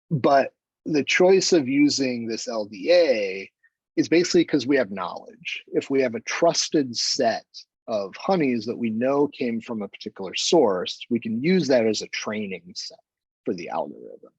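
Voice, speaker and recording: Man, chemistry lecturer, casual seminar delivery, husky tone, middle pitch. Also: a little slow, no echo, lo-fi sound. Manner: relaxed, conversational, with self-deprecating asides and fillers. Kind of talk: academic seminar talk.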